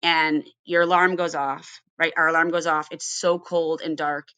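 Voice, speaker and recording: A woman's voice: low voice, flat delivery, moderate pace, pushed and bright, smooth, dry recording. A woman from Ohio hosting a casual recovery podcast, earnest and storytelling, often asking her guests questions. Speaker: podcast host.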